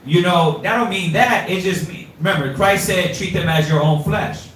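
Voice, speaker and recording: A man teaching an informal scripture class, animated and streetwise, quizzing his students, recorded from afar in an echoey room. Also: high-pitched, normal speed, recorded from a distance, slight background noise.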